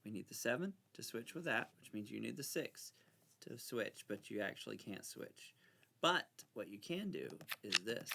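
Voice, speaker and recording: A man chats through a card game in a casual, excitable way, squabbling with himself and playing up his fear. His voice is gravelly and swings widely in pitch. The recording carries a steady layer of noise. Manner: excitable, bickering with himself, mock-frightened. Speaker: channel host playing solitaire. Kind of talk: casual gameplay commentary.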